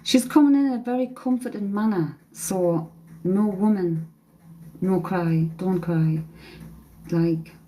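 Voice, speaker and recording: A woman's voice: mid-range voice, slow, mellow, slight background noise, low-quality recording. A woman working as a psychic medium, giving a live-stream reading in a hesitant way, repeating phrases and humming song lines, speaking into a phone.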